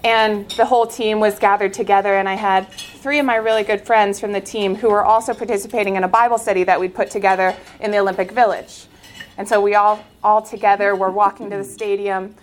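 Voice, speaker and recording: A woman who is a former Olympic swimmer gives an inspirational faith talk, telling her story in an earnest, animated way. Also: mid-range voice, a little fast, a little hiss or hum.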